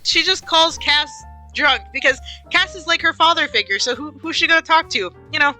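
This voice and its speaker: Woman, podcast co-host, casual chat, excitable, very bright voice, faint music underneath. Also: high-pitched, moderate pace, poor audio. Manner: excitable, reacts with exclamations, acts out character lines.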